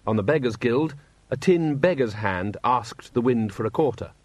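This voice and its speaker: A man's voice: mid-range voice, normal speed, no room sound. Man narrating a story, dry sound. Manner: wry, steady storytelling with voices for the characters. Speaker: audiobook narrator. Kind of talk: scripted narration.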